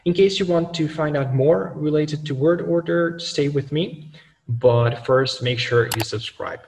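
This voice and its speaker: A man's voice: fairly high pitch, a little slow, gravelly, background noise. A man giving a video language lesson, explaining grammar rules step by step with example sentences. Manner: methodical, explains with worked examples. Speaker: language teacher. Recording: distant mic in a reverberant room.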